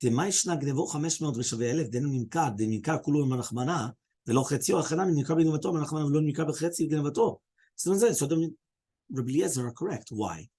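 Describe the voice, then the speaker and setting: A man's voice: on the high side, animated, rapid-fire, dark tone, husky. A man who is a rabbi leading a Talmud study class, explaining step by step, fielding students' questions and often checking in with "right?".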